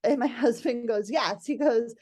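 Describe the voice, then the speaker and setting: A middle-aged woman, a guest, telling a family story in casual chat, animated and laughing often, acting out what her family said. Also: on the high side, normal speed.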